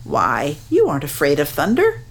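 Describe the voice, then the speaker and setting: A woman voicing a calm, steady elderly grandmother in a storybook read-aloud, with a soft, croaky, gently encouraging voice. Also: low-pitched, normal speed, heavily acted. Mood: reassuring.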